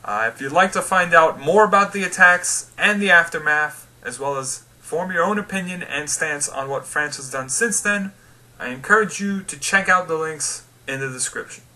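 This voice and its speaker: A man hosts his own solo audio show with a very bright, forward tone, sitting a little above the usual male pitch. He reads scripted commentary in a blunt, sarcastic way. When something angers him he swears freely. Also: moderate pace. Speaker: podcast host.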